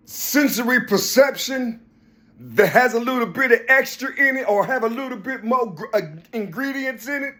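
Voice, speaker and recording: An adult man giving a rambling spiritual monologue, preachy and repetitive, often jumping between high and low voices. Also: a bit bright. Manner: preachy, repeats "you see".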